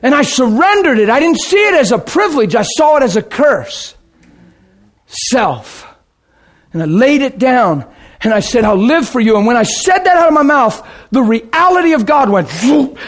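A man preaching a sermon and telling his own conversion story, emphatic and dramatic, dropping to a hush and then shouting. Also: very high voice, very animated, normal speed. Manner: emphatic, dramatic, swings between hushed and shouting. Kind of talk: sermon with personal testimony.

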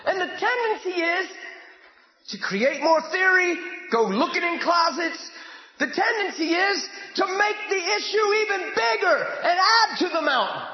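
Man, preacher, very high voice, swooping lively delivery, long church reverb, muffled lo-fi sound. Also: measured pace. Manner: fervent, shouting bursts. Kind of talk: sermon. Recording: echoey church hall, dull lo-fi.

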